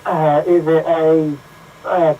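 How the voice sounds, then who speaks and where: A man playing a guessing game, slow and trailing off. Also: on the high side, level tone, muffled recording, slight background noise. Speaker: contestant.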